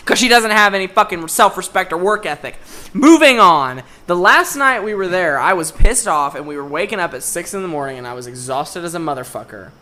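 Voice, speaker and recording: A young podcast co-host with a bright, sharp-edged voice tells a story as a casual rant. He swears constantly and sounds exasperated throughout. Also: sits high. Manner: profane, exasperated ranting. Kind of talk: casual chat, ranting story.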